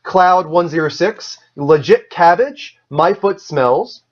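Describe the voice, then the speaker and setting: A man's voice: sits high, lively intonation, takes it slowly, dull audio. A man hosting a casual gaming talk show in an upbeat way, thanking viewers by name. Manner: upbeat, reads viewer names off a list. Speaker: host.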